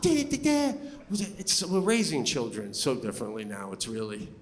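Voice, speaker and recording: A middle-aged man tells stories in an animated stand-up set, sometimes bursting into loud shouts. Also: fairly low pitch, brisk, long reverb tail, slight background noise. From Long Island, New York. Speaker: comedian. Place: stage before a live audience.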